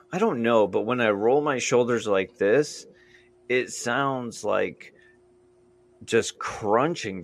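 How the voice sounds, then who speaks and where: A man's voice: lowish voice, fairly bright tone. A man from Indiana and Michigan hosting a casual podcast chat, easygoing and hesitant, with many ums. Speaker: podcast host.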